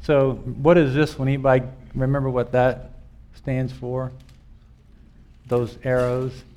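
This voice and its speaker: A man's voice: medium pitch, flat delivery, a little slow, darkish tone. A middle-aged man, a pastor, giving a conversational teaching talk to small group leaders at a live church meeting. He tells stories and puts rhetorical questions to his listeners. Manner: storytelling, with rhetorical questions to the audience.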